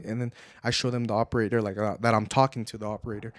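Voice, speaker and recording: A man's voice: medium pitch, fast, no room sound. Young male podcast co-host, casual storyteller, slips in Spanish, dry close recording. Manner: animated, heavy use of "like", drops Spanish phrases. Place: home podcast setup.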